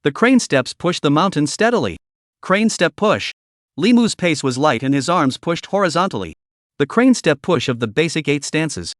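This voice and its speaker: A man's voice: fairly high pitch, very animated, normal speed, no echo, studio quality. A man narrating a manhwa story recap in a scripted reading voice.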